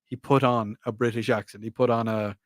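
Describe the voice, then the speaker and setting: Male radio host, mid-pitch, loose rambling chat with frequent self-corrections, dry close studio sound. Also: flat delivery, brisk, no echo. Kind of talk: casual chat.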